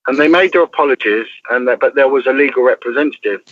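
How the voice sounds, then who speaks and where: A man's voice: mid-range voice, fast talker, a bit bright, dry recording, muffled recording. An English man, a former police detective, telling a story as an interview guest in an emphatic way, often checking in with "right?".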